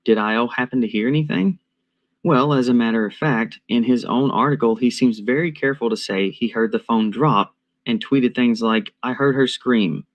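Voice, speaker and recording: A man reading a scripted commentary in a measured, deliberate and analytical way. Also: mid-range voice, muffled recording.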